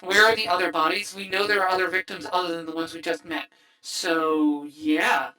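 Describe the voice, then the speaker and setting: A woman hosting a casual livestream movie chat, excitable and rambling with many restarts. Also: on the low side, normal speed, poor audio. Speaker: streamer host.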